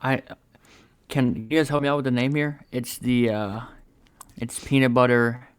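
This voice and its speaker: A man's voice: medium pitch, fairly even intonation, moderate pace, clear, resonant tone, no room sound. A man co-hosting a podcast in casual chat, joking and sometimes fumbling for words. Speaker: podcast co-host.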